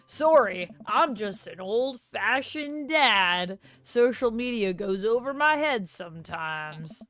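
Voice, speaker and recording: A woman's voice: fairly high pitch, lively intonation, slow, a bit bright, no room sound, soft background music. A woman voicing an old-fashioned middle-aged dad in a dating game, with a slight put-on Southern US twang and a folksy, apologetic way of talking. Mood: sheepish. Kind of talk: reading game dialogue aloud on a livestream.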